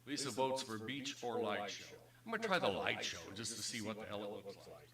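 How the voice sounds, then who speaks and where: Relaxed man livestreaming from a basement. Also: fairly low pitch, fairly quick, reverberant. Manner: relaxed, self-deprecating, chatty. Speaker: home livestreamer and guitar singer. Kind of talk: casual livestream chat. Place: basement room with green screen. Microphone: webcam stream mic from across room.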